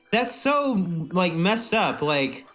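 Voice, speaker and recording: Rambling, profane young man with lively pitch. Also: extremely slow, soft background music. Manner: rambling, profane, animated, acts out silly scenes in put-on voices. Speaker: podcast co-host. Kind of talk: crude comedic podcast banter.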